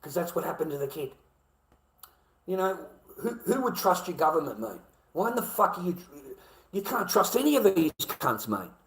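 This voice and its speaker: Ranting Australian man with a higher voice. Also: big pitch swings, normal speed, fairly bright tone. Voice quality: blunt, profane, repetitive phrasing. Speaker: vlogger. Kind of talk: angry ranting monologue. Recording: echoey room.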